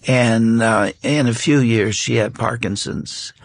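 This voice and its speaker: An older man telling a personal faith story as a talk show guest, unhurried and reflective, pausing on fillers. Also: medium pitch, gravelly.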